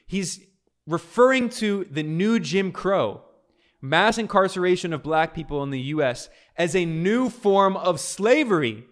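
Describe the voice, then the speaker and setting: A man's voice: fairly high pitch, lively intonation, moderate pace. A man hosting a political commentary video, reading out a speech and explaining it, emphatic and repeating key phrases for stress.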